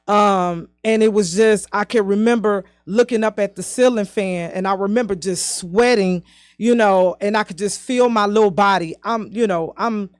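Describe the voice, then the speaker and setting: A woman in her fifties recounts her own past as a podcast guest, her speech mid-pitched and halting, sprinkled with "you know" and "um". Her pace keeps shifting between rushed and drawn-out, and the voice sits dry and close with no room sound. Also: darkish tone, no echo. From southern United States. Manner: speeds up and slows down often. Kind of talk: personal storytelling in conversation.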